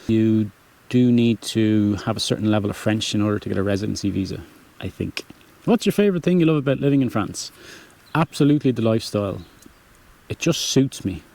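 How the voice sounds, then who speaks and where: A relaxed young man with a Dublin Irish accent and a mellow, warm voice. He chats casually through viewer questions and corrects himself as he goes. His pitch sits in an ordinary middle range. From Ireland. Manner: easygoing, rambling, self-correcting. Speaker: channel host answering viewer questions. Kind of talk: casual chat.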